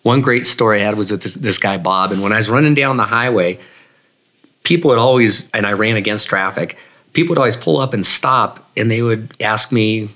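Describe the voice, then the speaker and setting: A long-distance runner appears as an interview guest, telling personal stories in a casual, reflective way with many fillers like "you know." His voice is fairly low and bright, with a forceful tone, and he speaks fairly quickly.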